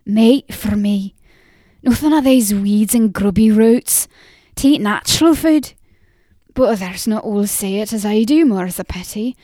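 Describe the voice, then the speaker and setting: A woman voicing a gossipy, impatient old peddler woman who talks in a loud, rustic, chattering way in an audiobook. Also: mid-range voice, unhurried, dry recording, clean studio sound, close to an everyday voice. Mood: chatty. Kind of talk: audiobook character voice.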